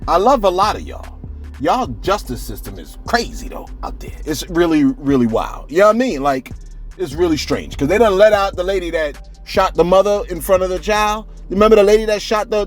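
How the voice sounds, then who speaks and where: Animated man doing casual vlog commentary. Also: sits high, normal speed, faint music behind. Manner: animated, rhetorical, keeps saying "you know what I'm saying". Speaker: celebrity news commentator. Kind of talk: casual vlog commentary and viewer shout-outs.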